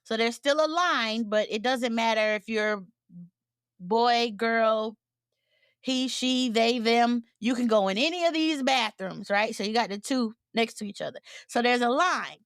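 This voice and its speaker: A woman co-hosting a podcast, telling a story in casual chat, animated and laughing as she acts out what people said. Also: fairly high pitch, unhurried, clear, resonant tone, no room sound, studio quality. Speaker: podcast co-host.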